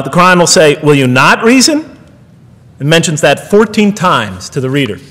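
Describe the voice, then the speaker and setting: A man's voice: fairly high pitch, fairly bright tone. A middle-aged man giving a public lecture, earnest and rhetorical, with wry asides to his audience. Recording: long hall reverb.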